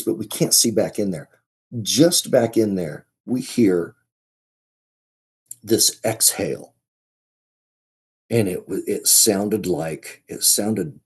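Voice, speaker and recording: A man as a podcast guest, telling a story in a casual, halting way, often restarting and repeating his words. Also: sits low, breathy edge.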